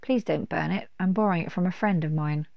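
A woman's voice: fairly low pitch, fast, gravelly, no echo, dull audio. A woman voicing a young, timid male rabbit in a storybook, who stammers nervously.

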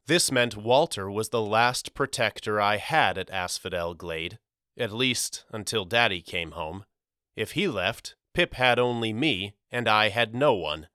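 Male narrator, lowish pitch, bright tone, measured storytelling, dry studio sound. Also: smooth, no echo. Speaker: audiobook narrator. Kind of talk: scripted narration.

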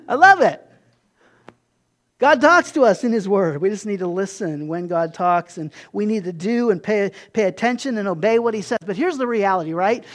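A man preaching a sermon in a relaxed, conversational way, slipping into quick acted-out asides. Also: high-pitched. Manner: conversational, acts out voices in quotes, animated asides. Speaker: pastor.

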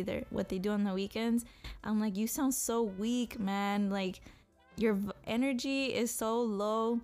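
Young woman, solo podcast rant, blunt and swearing, middle-pitched, faint music under her. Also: a little mellow. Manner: blunt and profane, self-motivating. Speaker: podcast co-host.

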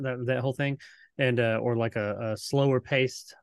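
A man's voice: mid-range voice, steady tone, moderate pace, clean tone, dry recording, clean studio sound. A man co-hosting a podcast in casual chat, speaking frankly and bluntly. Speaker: podcast co-host.

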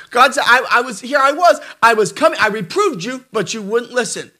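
High pitched guy preaching, bright sharp voice, really lively and dramatic. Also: fairly quick, few pauses. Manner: fiery, dramatic, acts out voices. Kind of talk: sermon.

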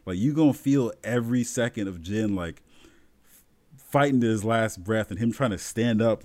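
A young man talking casually and excitedly about a video game, full of fillers and restarts. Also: on the low side, moderate pace. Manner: excited, filler-heavy, rambling storytelling. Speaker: gamer friend in a podcast chat. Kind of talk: casual chat.

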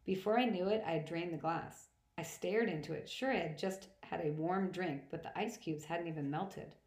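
A woman reading first-person novel narration aloud in a plain, steady manner. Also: lowish voice, normal speed. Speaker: audiobook reader. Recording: roomy echo.

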